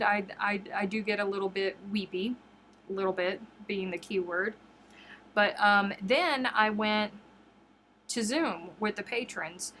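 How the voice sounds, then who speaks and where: A woman in a mid-range voice hosts a relaxed craft livestream, greeting her viewers and chatting warmly about her week. She rambles, repeats herself and laughs easily, and a faint room hum sits under her voice. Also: medium pitch. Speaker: crochet livestream host. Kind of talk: casual live-stream chat.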